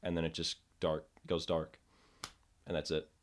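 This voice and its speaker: A man with a very low voice chatting casually on a podcast. He rambles and restarts, and now and then drops into a hushed voice to act out a scene. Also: monotone, moderate pace. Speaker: podcast co-host. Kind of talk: casual chat about horror films.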